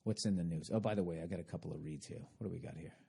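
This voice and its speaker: A podcast host delivers a rambling, profane, sarcastic comedic monologue. His low voice races along, gravelly and mellow with a breathy edge.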